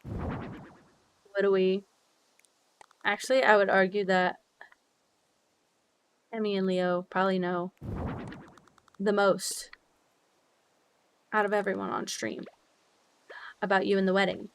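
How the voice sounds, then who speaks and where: A young woman streamer chatting casually with her viewers while decorating in a game, bubbly and quick to swear. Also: medium pitch, little pitch movement, vocal fry, a little hiss or hum. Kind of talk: casual live-stream chat while gaming.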